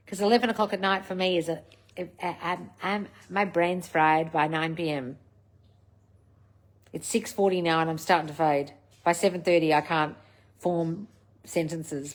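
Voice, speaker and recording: A woman hosting a casual livestream, answering viewer comments in a blunt, scolding coach manner with plenty of swearing. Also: on the low side. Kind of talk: casual live chat, reading out comments.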